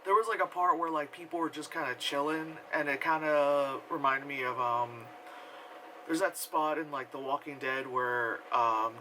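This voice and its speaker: A man's voice: fairly high pitch, moderate pace, bright, forceful tone, a little hiss or hum, rough recording. A man giving a casual, rambling film review full of fillers and offhand swearing. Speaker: movie reviewer.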